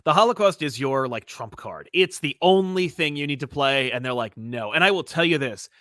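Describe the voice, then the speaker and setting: A man co-hosting a podcast in casual chat, animated and acting out quoted voices. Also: on the high side, moderate pace, no room sound, studio quality. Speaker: podcast co-host.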